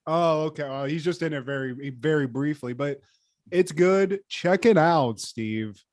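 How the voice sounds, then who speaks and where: A man co-hosting a podcast in casual chat, animated and profane, with lots of fillers. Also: on the high side, a little slow, dry recording, clean studio sound. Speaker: podcast co-host.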